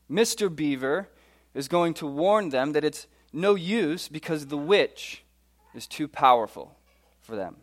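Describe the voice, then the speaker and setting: A man giving a sermon, engaging the audience directly as he sets up a story. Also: a little high. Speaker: pastor.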